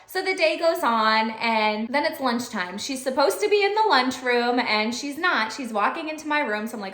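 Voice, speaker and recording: A woman teacher telling a story in an animated, chatty way, laughing often. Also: high-pitched, moderate pace, few pauses. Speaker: special education teacher. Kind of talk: storytelling vlog. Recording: echoey room.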